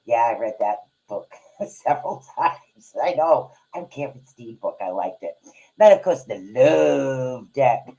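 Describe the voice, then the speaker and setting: A woman hosting a live card-reading stream, chatting casually and excitably in rambling asides. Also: a bass voice, unhurried, poor audio. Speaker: podcast host and card reader.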